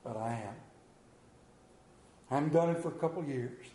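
A middle-aged man preaching a sermon, telling folksy stories and acting out family scenes in squeaky children's voices. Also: normal speed, warm tone, roomy sound, a little hiss or hum, low-quality recording. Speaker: pastor.

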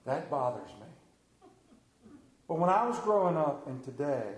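A man preaching a folksy storytelling sermon, animated, then dropping low and slow for emphasis. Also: echoey room.

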